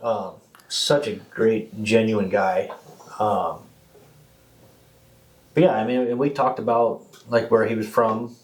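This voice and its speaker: A man with a fairly low voice hosts a casual podcast chat. He tells stories in a loose, rambling way and jumps from thought to thought. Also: level tone, slow pace, pauses often, rough recording. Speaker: podcast host.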